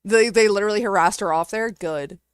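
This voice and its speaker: A woman's voice: mid-range voice, brisk, clear, resonant tone, no room sound, clean studio sound. A woman delivering an angry, sarcastic, profane reaction rant over clips she plays.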